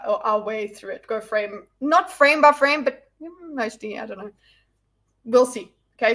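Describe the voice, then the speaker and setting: Brief: woman livestreamer with a slightly high voice, rambling, casual and chatty. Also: a bit bright. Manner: rambling and chatty, with frequent restarts and asides. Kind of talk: casual livestream chat answering viewers.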